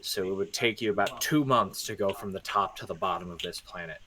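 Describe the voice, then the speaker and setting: A man narrating as game master of a tabletop role-playing game, describing scenes in an animated way. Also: sits low, a little fast, crowd noise.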